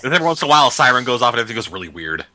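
Wisecracking man with a bright voice. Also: mid-range voice, very animated, rapid-fire, no room sound. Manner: wisecracking, mock-dramatic asides. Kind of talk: joking commentary over a film.

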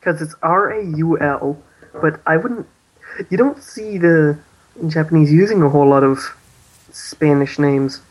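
A man's voice: fairly high pitch, unhurried, rough recording. A man co-hosting a casual podcast, hesitantly recapping a story and laughing often. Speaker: podcast co-host.

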